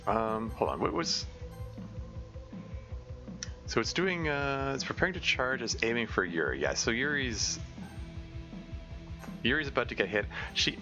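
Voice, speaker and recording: A man's voice: medium pitch, lo-fi sound. A man streaming a game, narrating and thinking aloud in a chatty way with many fillers. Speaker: streamer playing a visual novel mod. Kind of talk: let's play narration and reading aloud.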